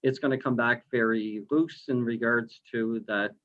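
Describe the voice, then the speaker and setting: A man's voice: mid-range voice, fairly even intonation, measured pace, fairly bright tone. A man who is mayor, explaining his view in a council meeting with many hesitations. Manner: hesitant, many ums and uhs. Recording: dull lo-fi call audio.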